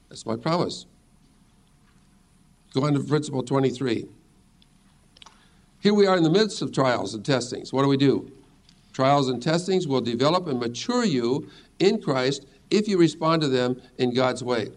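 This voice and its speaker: A man's voice: mid-range voice, expressive, moderate pace, pauses often. A middle-aged man teaching a sermon as a pastor, earnest and reassuring as he reads scripture aloud.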